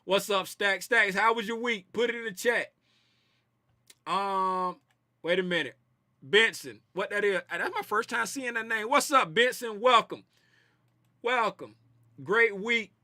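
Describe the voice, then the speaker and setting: A man's voice: high-pitched, a little slow, pauses often, sharp tone, no room sound, clean studio sound. A man hosting a casual trading livestream, reading viewer comments in a loose, slangy way and repeating his phrases. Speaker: trading stream host.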